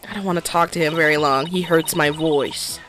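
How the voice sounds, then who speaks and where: A woman's voice: low voice, steady tone, brisk, over music. A woman streamer giving casual, joking commentary while playing a story game. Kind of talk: let's play commentary.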